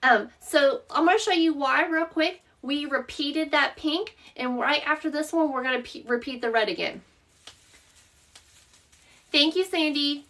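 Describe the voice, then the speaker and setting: A Southern woman with a high voice hosts a live craft tutorial, talking through each step while she works. She chats easily and answers viewers by name. Her voice sounds a bit distant from the mic. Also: measured pace, bright, forceful tone. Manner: chatty, explains steps while working and answers viewers by name. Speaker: craft shop owner hosting a live tutorial.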